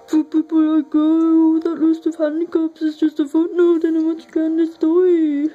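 A woman's voice: extremely high pitch, monotone, normal speed, muffled recording, soft background music, voice pushed up. A woman voicing a kindly older male teacher in a video game, speaking in an encouraging, lecturing tone. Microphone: phone filming a screen.

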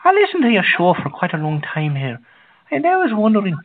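A man's voice: sits high, huge pitch swings, fairly quick, heavily acted. A man playing a rambling, folksy prank caller who asks crude questions in an overly polite tone. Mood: mock-polite. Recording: lo-fi phone-like sound.

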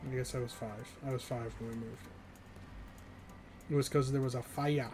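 A man's voice: mid-range voice, fairly even intonation, moderate pace, a little mellow, soft background music. A young man in his twenties, from the northeastern US, chatting casually and rambling with chat while streaming a game, often laughing.

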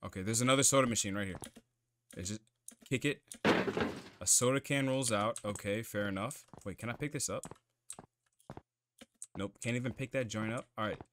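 A man's voice: fairly low pitch, normal speed, long pauses, noisy background. A man commenting on a horror game as he plays, swearing and talking to himself in jumpy asides. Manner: profane, jumpy self-talk while playing. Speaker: gamer playing a horror game. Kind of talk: let's play commentary.

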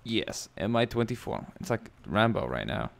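A man giving casual commentary over a war video game, excitable and swearing often, bursting into loud yelps. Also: on the low side, normal speed, gravelly. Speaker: gameplay commentator.

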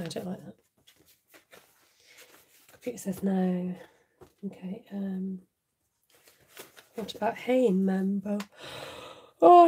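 A woman's voice: medium pitch, gravelly, warm tone, husky. A British woman hosting a live crafting session from home, chatting with viewers as she works, thinking aloud and dropping into whispered asides. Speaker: craft channel host.

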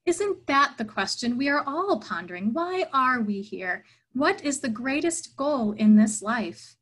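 A woman's voice: on the high side, sing-song, measured pace, breathy edge, exaggerated voice. A woman voicing a playful male wandering teacher who asks questions, as part of a sermon story.

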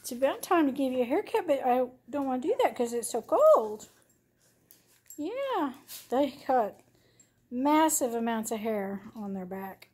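A woman's voice: high voice, very animated, a little slow, warm tone, breathy edge. A woman cooing at her puppies in doting, sing-song baby talk. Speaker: dog owner filming her puppies.

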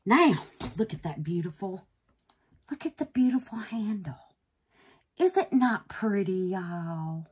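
A woman's voice: fairly low pitch, animated, measured pace, a little mellow, breathy edge. Chatty woman crafting on camera. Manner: affectionate and chatty, calls viewers babies and honey; drops to nervous whispers while unmolding. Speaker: resin craft channel host. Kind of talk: casual crafting vlog.

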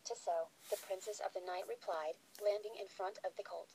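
A woman narrating a story in a plain, steady reading voice. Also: medium pitch, a little fast, a little hiss or hum, poor audio.

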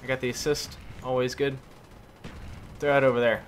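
A hoarse young man giving excitable gameplay commentary, groaning and exclaiming at his teammates. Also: medium pitch, moderate pace, slight background noise. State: hoarse, losing voice. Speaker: gaming YouTuber. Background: faint gunfire from the game.

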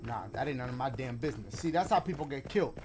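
A man's voice: medium pitch, expressive, quick pace, background noise. A man doing let's play commentary on a game, slangy and joking, talking to the viewers. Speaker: gaming YouTuber.

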